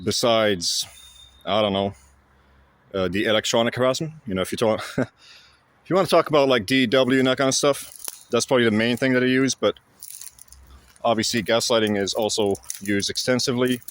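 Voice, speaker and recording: This man, a vlogger, delivers a casual, blunt explanatory monologue to camera, often halting, using fillers, and restarting. He has a mid-range voice with a fairly bright tone.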